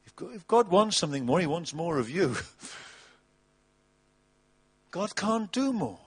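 A man preaching a sermon, animated and mocking, with big swings between loud and soft. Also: high-pitched, measured pace, husky. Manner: animated, mocking with put-on voices, wide swings in loudness. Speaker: pastor.

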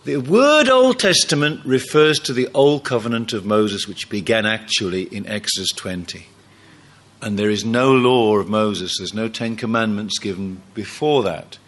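Animated male preacher, lively pitch. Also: normal speed. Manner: animated, emphatic preaching with quoted dialogue. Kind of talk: sermon.

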